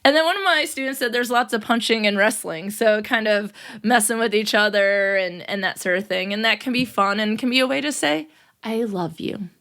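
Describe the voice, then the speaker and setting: A woman's voice: a little high, fairly quick, fairly bright tone. A young adult woman hosting a casual solo podcast as a teacher, upbeat and playful, often laughing and putting on quoted voices. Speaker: podcast host.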